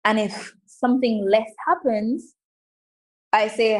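A woman coach talking in a casual interview, emphatic and animated, often saying "like". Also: fairly high pitch, moderate pace, rough recording. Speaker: coach and guest.

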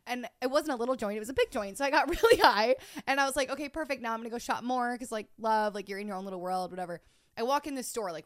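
A woman's voice: medium pitch, clean tone, dry recording, studio quality. A young woman in her twenties co-hosting a podcast, chatting casually with lots of "like" and frequent laughter. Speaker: podcast co-host. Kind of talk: casual chat.

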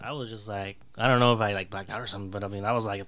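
A man's voice: lowish voice, little pitch movement, rapid-fire, few pauses, a bit bright, clean tone. A man in his thirties telling a story in casual chat, laid-back and profane, trailing off with fillers. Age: 30s.

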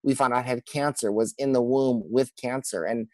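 A man, a pastor and guest on a podcast, telling a personal story in an earnest, halting way with many restarts. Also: mid-range voice, fairly even intonation, mellow, no echo, rough recording.

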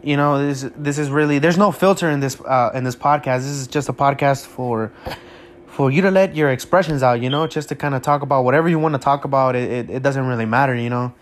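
Male podcast host, loose unscripted chat, friendly and rambling, average pitch. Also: fast. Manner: rambling, hesitant, many fillers and restarts; friendly, talks straight to listeners. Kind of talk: casual solo podcast intro.

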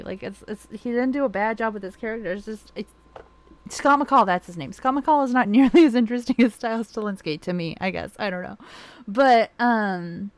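A woman's voice: medium pitch, no echo. A young woman chatting casually, rambling with lots of fillers and swearing freely as she gushes like a fan. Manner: gushing fan enthusiasm. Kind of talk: casual chat.

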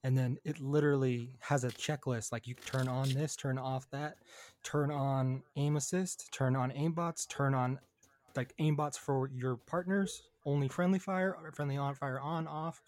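A man's voice: mid-range voice, steady tone, a little slow, a little mellow. A man chatting casually on a gaming podcast, laid-back and often laughing.

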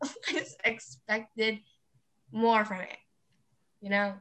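A teenage girl co-hosting a podcast, telling her story in lively casual chat. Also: on the high side, slow. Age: teens. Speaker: podcast co-host.

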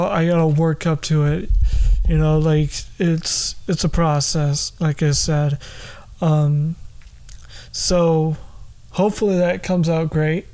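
A man's voice: fairly high pitch, warm tone. A young man hosting a solo comedy podcast, rambling loosely with lots of fillers. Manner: loose, rambling, full of fillers and silly bits. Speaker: podcast host.

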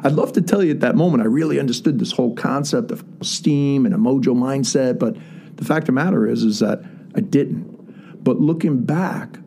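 A man's voice: medium pitch, warm tone. A man telling a personal story in a casual, earnest way with many fillers. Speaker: guest storyteller.

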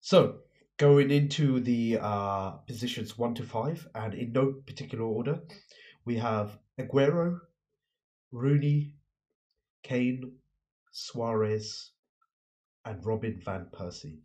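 Young man, podcast co-host, passionate, ranting, mid pitch. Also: slow, long pauses, a little mellow. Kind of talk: casual football chat.

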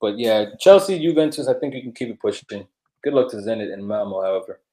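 A man co-hosting a sports podcast in casual chat, laid-back and quick to laugh, with many filler words. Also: lowish voice, darkish tone. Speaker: podcast co-host.

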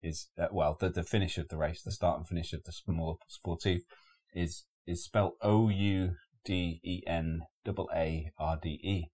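A man chatting casually as a podcast guest, relaxed and rambling with many fillers and restarts. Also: low voice, normal speed, few pauses. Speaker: guest, beer delivery business owner.

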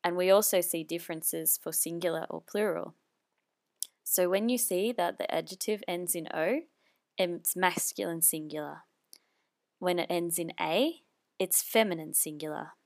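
A woman teaching a language lesson, explaining patiently and repeating each phrase twice. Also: fairly low pitch. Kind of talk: slow spoken language lesson.

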